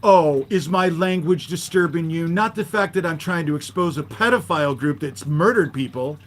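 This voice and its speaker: A man in a heated, profanity-laced livestream rant, his voice sitting a bit higher than most men's. He jabs sarcastically at the people in his chat and keeps tacking "you know?" onto the end of his points. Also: moderate pace. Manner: irritated, profane, confrontational; sarcastic toward chat commenters. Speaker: livestream host. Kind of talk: live-stream rant.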